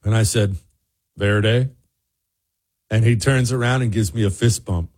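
A man hosting a radio show, telling a funny story to his co-host in a lively, joking way. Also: on the low side, brisk. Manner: lively, joking storyteller who mimics other people's voices. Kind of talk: casual on-air storytelling to a co-host.

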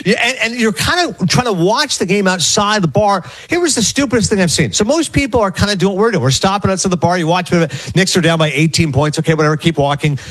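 A male radio co-host with a high, husky voice tells rapid, rambling anecdotes. He's an animated storyteller who acts out quotes during casual chat.

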